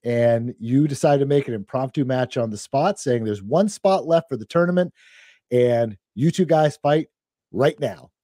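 Mellow-voiced man hosting wrestling previews. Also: mid-range voice, moderate pace, no room sound, studio quality. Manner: hype-building, uses fillers. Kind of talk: match preview commentary.

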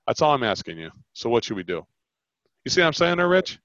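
Speaking quickly in a mid-range voice, a man walks a caller through sales by performing both halves of the conversation with lots of energy. There's no room sound. The recording is dull, lo-fi call audio.

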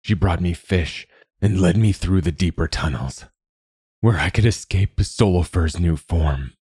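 A man voicing a weary, gruff but kind old male swordsman, speaking in a low murmur in a storybook reading. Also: measured pace, darkish tone, no room sound, studio quality, heavily acted.

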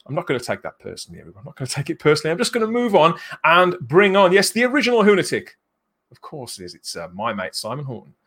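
A man's voice: on the high side, huge pitch swings, very fast, fairly bright tone, husky. A man from England hosting a live-streamed chat show in a jokey way, chuckling between phrases. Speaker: host.

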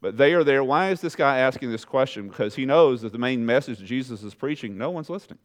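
A man preaching a sermon to his congregation, animated and conversational, talking straight to the people in front of him and dropping his voice low and soft to stress a point. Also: fast talker. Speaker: pastor.

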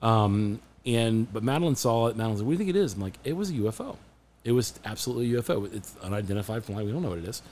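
Fast-talking man telling a story. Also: on the low side, slight background noise. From Phoenix area, USA. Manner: animated, restarts a lot, acts out quotes. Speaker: podcast co-host. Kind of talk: casual storytelling chat.

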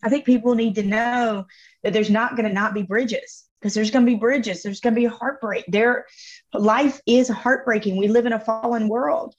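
A woman speaking as a guest on a faith podcast, telling personal stories in an expressive, emphatic way. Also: fairly high pitch, normal speed. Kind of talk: faith-based podcast conversation. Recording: slightly dull lo-fi audio.

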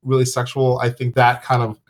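A man co-hosting a candid podcast chat, talking freely, laughing often and stumbling over his words when excited. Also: mid-range voice, a little fast.

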